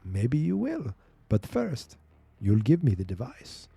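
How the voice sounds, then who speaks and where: A man voicing a gloating male villain who taunts his captive slowly, reading from a comic. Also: medium pitch, huge pitch swings, vocal fry, warm tone, slightly rough, dry recording, full character voice.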